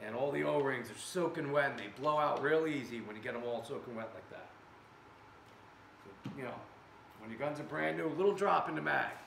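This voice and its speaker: A man's voice: mid-range voice, a little fast, gravelly, a bit bright. A man testing air guns in his workshop and chatting to viewers with joking asides, recorded by a camera set far away. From America. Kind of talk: casual workshop vlog. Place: indoor workshop. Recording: echoey room, background noise.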